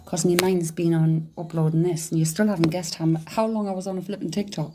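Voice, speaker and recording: A middle-aged woman, chatting casually on a livestream, excitable, laughing often and swearing freely. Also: fairly low pitch, fast, few pauses, slight background noise. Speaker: psychic medium livestreamer. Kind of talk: casual livestream chat reading comments.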